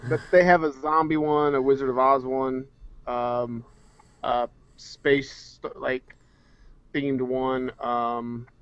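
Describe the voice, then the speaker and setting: A man's voice: medium pitch, level tone, takes it slowly, a bit bright, clean tone. A man co-hosting a casual podcast chat, explaining at length in a rambling, hesitant way. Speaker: podcast co-host. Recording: dry, dull lo-fi recording.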